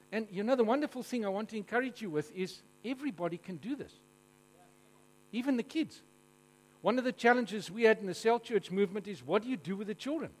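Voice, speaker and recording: A South African pastor preaches a storytelling sermon to a live congregation in a voice noticeably high for a man. He's animated and jokey, telling humorous stories and repeatedly asking the crowd questions. He speaks briskly, and the recording quality is low.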